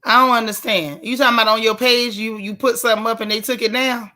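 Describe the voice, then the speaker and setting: A woman's voice: on the high side, fairly even intonation, quick pace, pushed and bright. A woman hosting a live stream, chatting casually and outspokenly as she reads viewer comments. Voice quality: raspy. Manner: chatty, folksy and outspoken, with Southern colloquial phrasing.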